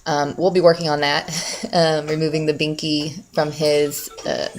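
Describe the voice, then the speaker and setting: A woman's voice: deep voice, level tone, normal speed. A young woman chatting casually to camera as a mom vlogger, rambling with many fillers.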